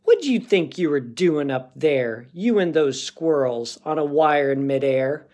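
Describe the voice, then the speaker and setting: A fretful mother cat, as a man reads her part, scolds in a raised, earnest voice. Her pitch swings up when she worries. This is a storybook reading. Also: expressive, a little slow, a little mellow. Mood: scolding.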